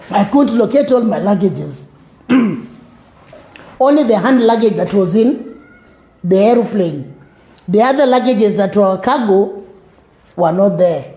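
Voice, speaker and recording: A middle-aged woman with a Kenyan accent, telling her personal story as an interview guest, animated and acting out the voices of others. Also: mid-range voice, roomy sound. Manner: animated, acts out quoted voices, mixes in Swahili words.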